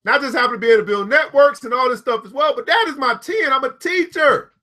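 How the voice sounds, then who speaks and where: Speaking quickly in a very high, pushed and bright voice, a man gives viewers a motivational live talk. He is preachy and repetitive, calls out people by name and chuckles at his own jokes.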